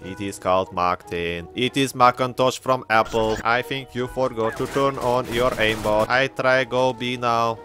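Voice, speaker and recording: A man's voice: medium pitch, fairly even intonation, unhurried, hardly any pauses, close to an everyday voice. A man voicing a servile male robot bot teammate with old microchips, talking in stiff broken English and doting on his master. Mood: stiff, fawning. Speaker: gaming video maker. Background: background music.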